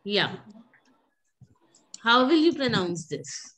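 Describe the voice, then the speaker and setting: A woman, teaching a French pronunciation class, patiently repeating words and gently correcting her students. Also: fairly high pitch, big pitch swings, slow pace.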